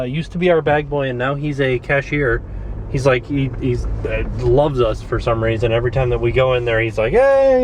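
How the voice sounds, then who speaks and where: A man's voice: on the high side, slight background noise. Rambling young man vlogging from his car. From Florida, United States. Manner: rambling, jokey, animated storytelling. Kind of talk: casual vlog chat. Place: car and grocery store parking lot.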